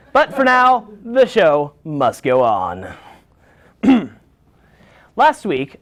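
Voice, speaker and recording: A woman hosting a comedy late-night show. She keeps a mock-formal, dry delivery, and her pitch swings widely from line to line. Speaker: talk show host.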